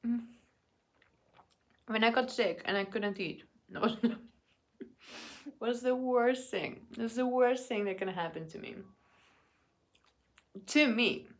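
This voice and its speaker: Brief: young adult woman, eating-vlog chat, slow, unhurried delivery, halting, drops to murmurs and whispers. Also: fairly high pitch. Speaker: vlogger.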